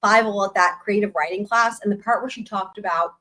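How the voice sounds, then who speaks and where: A woman's voice: mid-range voice, brisk, sharp tone. A woman in her thirties hosting a live stream, reading a book aloud with chatty, sarcastic asides. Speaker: livestream host and reader.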